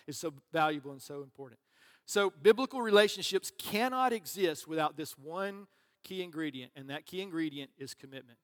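A male pastor with a fairly high, fairly bright voice delivers a conversational, joking sermon, tossing asides to the congregation. The recording carries the long reverb of a large hall.

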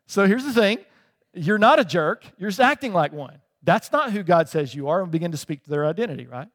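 A man's voice: high voice, expressive, brisk, a bit bright. A man preaching a sermon as pastor, talking in a conversational way and often checking in with his listeners. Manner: conversational preaching with frequent "right?" asides. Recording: long hall reverb.

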